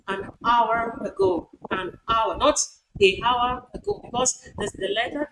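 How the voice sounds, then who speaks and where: A woman, teaching a university class on pronunciation and repeating example words with corrections. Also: on the high side. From Nigeria. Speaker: university lecturer. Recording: noisy recording.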